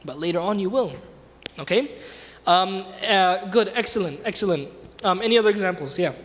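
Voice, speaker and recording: A man's voice: high voice, normal speed, a bit bright. A man teaching a religious class in a mosque, telling a story and asking his class questions in a conversational way. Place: mosque hall. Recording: reverberant hall.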